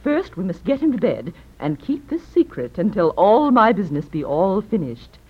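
An actress playing a scheming, greedy wife with a breathy, scornful manner, in vintage stage-play style. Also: female voice, mid-range voice, big pitch swings, normal speed. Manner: scornful, theatrical gasps. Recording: muffled lo-fi old recording.

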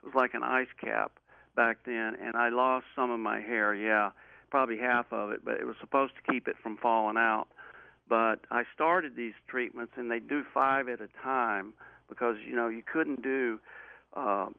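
An interview guest talks over a call in a gravelly, creaky voice. His earnest storytelling rambles and restarts often. The sound is thin and phone-like, with a dry, close quality. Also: mid-range voice, steady tone, normal speed, dry recording. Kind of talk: personal storytelling in a remote interview. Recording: tinny phone-line audio.

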